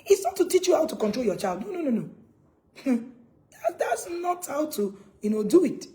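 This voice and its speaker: Lady coaching parents, lively up and down voice, mellow tone, laughs a lot between points. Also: high-pitched, normal speed. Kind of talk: motivational talk to viewers.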